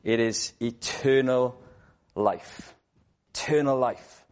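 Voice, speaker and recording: A man's voice: medium pitch, slow pace, a little mellow. A man gives a sermon with earnest conviction. He presses his listeners with rhetorical questions and repeats key words to drive his points home. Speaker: preacher.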